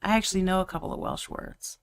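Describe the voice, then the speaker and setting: A woman's voice: medium pitch, steady tone, fast, dry recording. A woman painting miniatures on a live stream, chatting playfully and muttering to herself as she works. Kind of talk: casual chat while painting.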